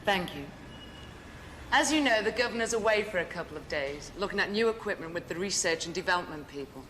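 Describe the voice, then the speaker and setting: An actress playing a stern temporary station officer, speaking in brisk, commanding tones. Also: female voice, fairly low pitch, lively intonation, fairly bright tone, big-room sound, slight background noise, low-quality recording.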